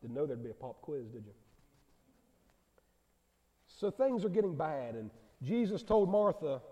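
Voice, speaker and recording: In a church sanctuary with long hall reverb, a man with a mellow, mid-range voice preaches to his congregation. He's earnest and puts direct questions to them.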